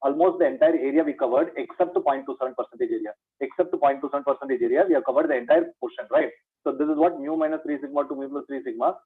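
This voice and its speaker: A man's voice: mid-range voice, very fast, breathy edge. A man giving a maths revision lecture. He repeats each point as a question to his students and calls them "my dear". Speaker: maths teacher. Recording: tinny phone-like lo-fi sound.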